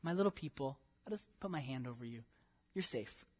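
A hushed, gentle voice of God, tender and protective toward his small people, as a male teacher puts it on. It drops low and soft, close to a murmur. The delivery is unhurried and warm. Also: expressive, breathy edge.

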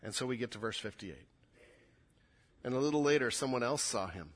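A man's voice: fairly high pitch, expressive, brisk, fairly bright tone. A man preaching a sermon, acting out quoted lines with rising intensity. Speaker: pastor.

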